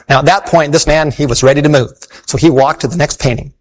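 A man's voice: on the high side, quick pace, few pauses, rough recording. A man preaching, telling an illustration story in an earnest, folksy way before calling listeners to faith.

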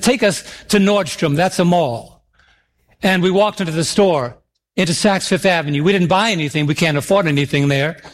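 A middle-aged man preaching a sermon, reading scripture slowly and emphatically and calling for responses from the congregation. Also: on the high side. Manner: calls for audience responses.

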